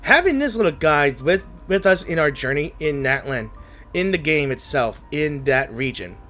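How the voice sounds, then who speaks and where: Rambling gamer over soft game music. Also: mid-range voice, animated, moderate pace. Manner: rambling and unsure, many restarts and trailing thoughts; emotional, says they feel like crying. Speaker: gaming channel host playing a story game. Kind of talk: casual gameplay commentary.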